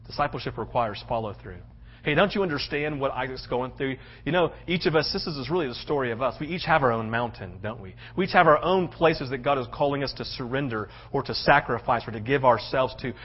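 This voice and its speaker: A man's voice: mid-range voice, brisk, slightly rough. A man preaching a sermon as a pastor, telling the story dramatically and slipping into voices for the characters. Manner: animated storytelling, acting out voices. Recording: muffled lo-fi sound.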